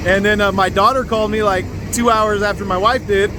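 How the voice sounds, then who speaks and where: High-voiced trucker man over road noise. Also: steady tone, brisk. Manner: rambling, easygoing, peppered with "man" and "bro". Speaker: truck driver vlogger. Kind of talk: casual video diary. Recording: vehicle noise behind the voice.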